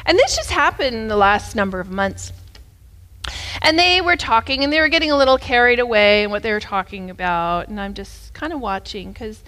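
A woman preacher giving a sermon as a story, talking in an animated, conversational way that swings between loud and hushed. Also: fairly high pitch, fairly quick.

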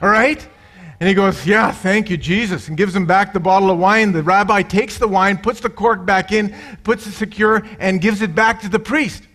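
Middle-aged pastor guy, kinda high voice, lively preaching w jokes, does the voices in his stories. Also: normal speed. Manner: animated, acts out quoted voices with loud high bursts. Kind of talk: sermon with jokes.

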